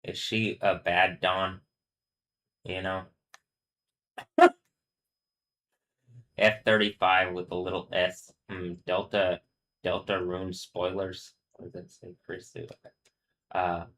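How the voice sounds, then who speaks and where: A man's voice: deep voice, flat delivery, slow pace, long pauses, a bit bright. A man hosting a casual live stream, rambling and talking over himself with lots of fillers. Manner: rambling, filler-heavy, laughs often. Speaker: livestream host.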